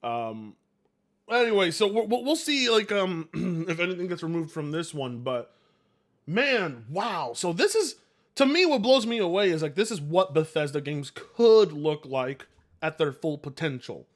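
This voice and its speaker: Male streamer, casual live chat, rambling, swears freely, slightly high voice, very lively pitch. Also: unhurried. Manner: animated, rambling, swears and laughs easily. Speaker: livestream host.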